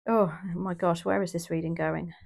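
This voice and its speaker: Emotional low gravelly woman reading tarot. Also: fairly even intonation, normal speed, a little mellow. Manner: emotional, rambling, frequent restarts and exclamations. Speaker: tarot reader. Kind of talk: casual tarot reading to camera.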